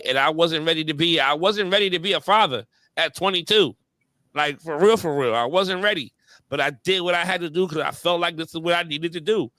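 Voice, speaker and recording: Bright-voiced animated storytelling man. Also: fairly high pitch, no echo. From New York area. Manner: animated storyteller, heavy slang and fillers. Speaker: podcast host. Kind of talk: casual chat.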